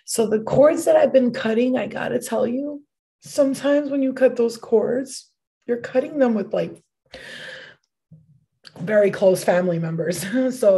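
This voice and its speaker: A woman's voice: medium pitch, warm tone. A woman giving a casual livestream tarot reading, chatty and rambling, swearing casually as she goes. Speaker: tarot card reader.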